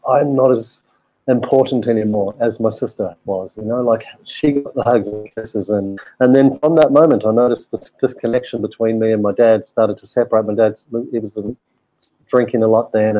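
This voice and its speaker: Candid man with a lowish voice. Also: no echo, highs cut off. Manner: candid, swears freely, many fillers. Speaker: guest. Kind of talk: personal storytelling.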